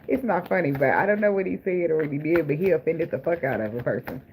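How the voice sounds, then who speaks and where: A man giving a casual tarot reading, blunt, profane and joking, with frequent laughs. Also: fairly high pitch. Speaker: tarot reader. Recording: noisy recording with clicks.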